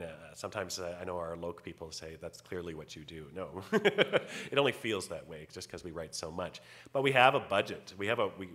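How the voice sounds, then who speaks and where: A man with a very low voice talks on a convention panel, stopping and restarting often as he explains things. His humor is dry and wry. The talk is casual. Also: fairly bright tone. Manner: halting, many restarts and fillers, wry. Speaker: game writer on a convention panel.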